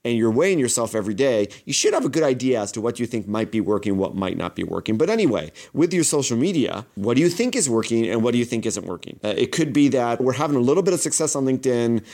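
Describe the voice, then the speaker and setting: A man's voice: medium pitch, big pitch swings, fast talker, few pauses, darkish tone. A man working as a social media consultant, talking solo in a conversational way and asking his listeners rhetorical questions. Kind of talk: solo podcast monologue.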